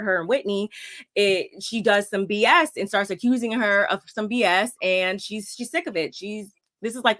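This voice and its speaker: A woman casually recapping a reality TV episode, acting out the cast's lines as she goes. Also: mid-range voice. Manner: animated, acts out quotes. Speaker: recap show co-host.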